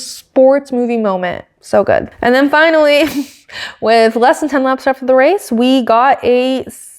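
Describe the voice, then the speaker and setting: A woman hosting a podcast, recapping a race in a casual, excitable way with lots of filler words. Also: fairly high pitch. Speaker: podcast host.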